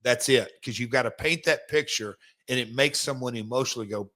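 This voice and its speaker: Bright-voiced man rambling emphatically. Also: medium pitch, fairly quick, hardly any pauses. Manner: rambling, emphatic storyteller with many restarts. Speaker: podcast host, former wrestler. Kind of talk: casual podcast chat.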